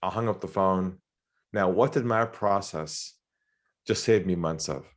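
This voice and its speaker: A middle-aged Australian man, a sales trainer, speaks unhurriedly in a fairly low voice while telling stories in an interview. He brings lively energy, performs the quotes in character, and laughs often.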